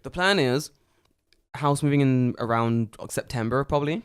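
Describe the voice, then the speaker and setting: A man co-hosting a podcast in casual chat, telling animated stories and swearing freely. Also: medium pitch, normal speed, clear, resonant tone. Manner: animated storytelling, heavy swearing. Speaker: podcast co-host.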